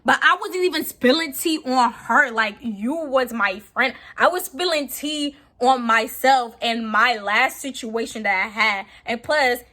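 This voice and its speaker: A young woman tells a story to her viewers in loose, slang-filled talk. She is animated and keeps acting out what others said. Her voice sits a little on the high side. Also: unhurried, few pauses. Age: young adult. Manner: animated, slangy, acts out quotes. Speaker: vlogger. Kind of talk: casual storytime.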